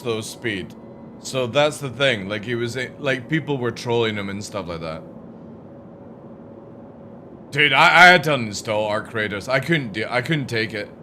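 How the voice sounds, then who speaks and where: A young male streamer rants in a bright, edgy voice. His pitch swings widely as he swears. He sounds exasperated and keeps the talk loose. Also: slight background noise. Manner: profane, exasperated ranting. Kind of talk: ranting gaming stream talk.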